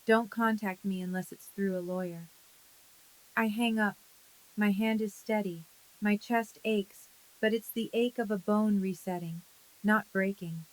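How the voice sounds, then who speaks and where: A woman in her thirties narrating a dramatic first-person story in a calm, measured, quietly intense way. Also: mid-range voice, rough recording.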